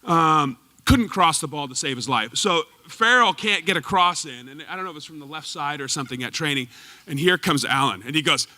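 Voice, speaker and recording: A man telling lively, laughing stories about his old coach to a live audience, acting out the quotes. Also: on the high side, fairly quick. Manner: animated, laughing, acts out quotes. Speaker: former goalkeeper telling stories at a tribute event. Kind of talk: storytelling speech to a live audience. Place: performance hall stage.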